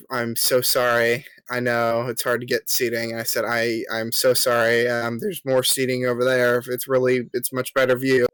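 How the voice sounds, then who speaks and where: The voice is medium-pitched, a bit bright, clear and resonant, with no room sound. It belongs to a young man co-hosting a podcast, politely telling a story in casual chat with plenty of ums while acting out the quotes.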